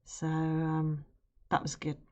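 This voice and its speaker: Streamer: young woman, lowish voice, chatty, animated storyteller who laughs easily. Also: takes it slowly. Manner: animated, laughs while telling. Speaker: art streamer. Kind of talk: casual storytelling on a live stream.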